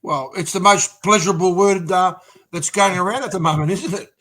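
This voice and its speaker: An Australian man with a bright, tense voice and a high pitch. He makes crude, sardonic remarks as a football podcast co-host. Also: brisk.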